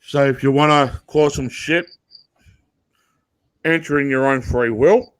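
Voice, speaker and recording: A man hosting a casual talk show, laid-back and quick to laugh. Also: mid-range voice. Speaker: host. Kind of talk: casual profane chat.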